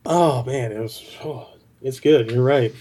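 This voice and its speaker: Mellow, reflective man on a podcast. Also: mid-range voice, husky. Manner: slow, reflective, trailing off softly. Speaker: podcast co-host. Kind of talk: casual faith podcast chat.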